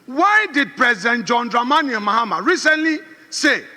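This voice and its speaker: A man's voice: very high-pitched, very animated, moderate pace, bright, forceful tone. A middle-aged man with a Ghanaian accent giving an emphatic, combative parliamentary speech, repeating phrases for stress. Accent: Ghanaian English. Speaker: member of parliament. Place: large parliament chamber. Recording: reverberant chamber.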